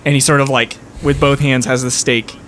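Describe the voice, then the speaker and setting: A man's voice: mid-range voice, level tone, fairly quick, fairly bright tone, slight background noise. A man working as dungeon master, narrating a tabletop game in a loose, rambling way full of fillers.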